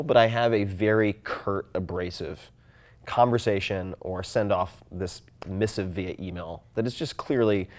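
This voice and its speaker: Man, low voice, podcast guest, casual, thoughtful, animated. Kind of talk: casual conversation.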